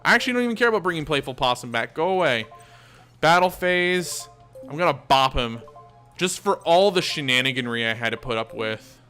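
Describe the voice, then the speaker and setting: A man's voice: on the high side, lively intonation, a little fast, sharp tone, faint music behind. A man hosting a gaming channel, chatting casually and thinking aloud as he plays. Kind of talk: casual let's-play commentary.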